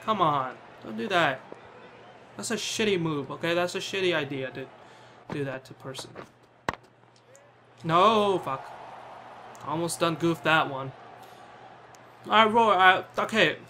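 Bright-voiced man joking through a game. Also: fairly high pitch, expressive, a little slow, long pauses, a little hiss or hum. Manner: bantering, swears often, talks to his in-game player. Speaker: gamer playing a cricket video game. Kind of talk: casual gameplay commentary.

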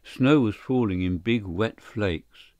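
Low gravelly guy reading a classic story audiobook, steady pace, super dry mic. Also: takes it slowly, no echo. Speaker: audiobook narrator. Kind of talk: scripted literary narration.

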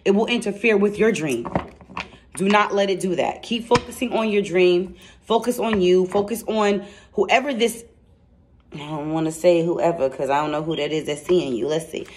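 A woman giving a casual tarot reading to camera, excitable and chatty, blunt and slangy, speaking straight to her viewers. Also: fairly low pitch, normal speed, a little hiss or hum. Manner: excitable and chatty, laughs and exclaims. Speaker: tarot card reader.

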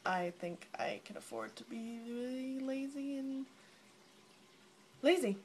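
A woman's voice: high-pitched, takes it slowly, a little mellow, a little hiss or hum. A young woman chatting casually to friends in a vlog recorded on her phone, bubbly and rambling, often giggling between thoughts. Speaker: vlogger. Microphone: phone camera at arm's length.

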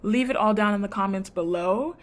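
A woman's voice: medium pitch, brisk. A woman vlogger recapping a reality show in casual chat, with blunt, sassy commentary and slang. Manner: retells scenes by quoting people.

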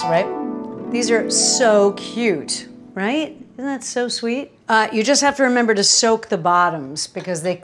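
In her home kitchen, a woman hosts a casual cooking demonstration, chatty and wry, cracking jokes and sharing anecdotes as she works. Her voice is mid-range and a bit bright.

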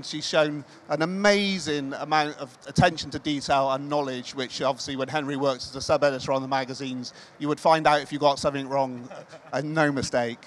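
A man speaking on stage at a live event, explaining a new journalism award and building suspense with hints about the winner. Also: on the high side. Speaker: magazine editor presenting award. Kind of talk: on-stage speech. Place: large exhibition hall stage.

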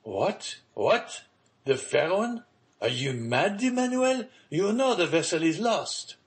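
A stunned, aging merchant father, as a male audiobook reader plays him, halting and bewildered. His voice sits somewhat above the reader's own and is pushed with mounting strain. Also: mid-range voice, vocal fry, voice pushed up. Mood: incredulous. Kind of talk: audiobook character reading.

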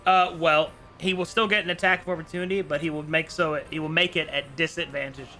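Bright-voiced man running the game. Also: a little high, fairly even intonation, soft background music. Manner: casual, laughing, quick rulings. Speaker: dungeon master. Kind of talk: running a tabletop game online.

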